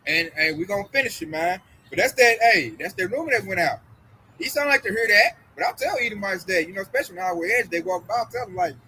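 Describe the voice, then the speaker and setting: A man's voice: sits high, expressive, fast, sharp tone, a little hiss or hum, low-quality recording. A man talking casually about religion as a host, emphatic and full of slang, acting out the voices of people he quotes.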